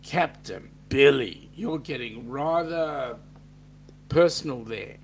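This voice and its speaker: A man's voice: on the high side, slow, a bit bright, slight background noise. A middle-aged Australian man hosting a casual livestream, joking and reading viewer comments aloud. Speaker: host.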